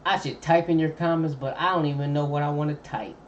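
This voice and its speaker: Un homme qui commente une vidéo en direct, avec un ton décontracté et un argot détendu. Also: male voice, fairly high pitch, fairly even intonation, quick pace, a little hiss or hum. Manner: laid-back slangy chatter, thinking aloud. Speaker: streamer. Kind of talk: casual live-stream reaction commentary. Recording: dull lo-fi mic with faint ambience.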